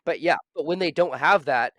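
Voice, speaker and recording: A man hosting a casual podcast discussion, thoughtful and halting, with many fillers. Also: on the high side, a bit bright, no echo.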